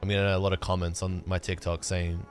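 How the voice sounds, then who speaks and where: A man's voice: low voice, flat delivery, quick pace, soft background music. A young man chatting casually on a livestream while gaming, laid-back and rambling, cursing now and then. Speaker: streamer.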